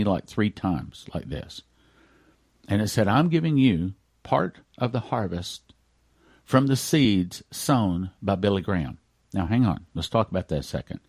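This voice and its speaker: A male pastor preaching a radio sermon in an earnest way, moving between loud emphatic lines and hushed, almost whispered ones. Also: lowish voice, breathy edge, no room sound, studio quality.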